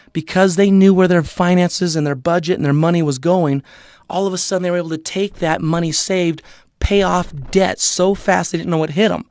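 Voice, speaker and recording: A man giving an upbeat sales pitch in a webinar presentation, telling anecdotes to sell the audience. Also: no echo, clean studio sound. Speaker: network marketing presenter.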